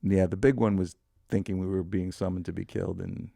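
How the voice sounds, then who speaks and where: Gravelly-voiced man telling a wild story. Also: low-pitched, a little fast, no echo, studio quality. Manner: animated storyteller who swears freely. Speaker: podcast guest. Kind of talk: storytelling interview.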